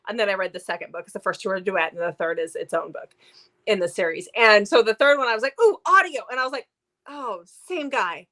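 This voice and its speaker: A woman's voice: mid-range voice, fast, fairly bright tone. A woman co-hosting a book review show, chatting casually and animatedly with lots of fillers. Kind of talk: casual chat.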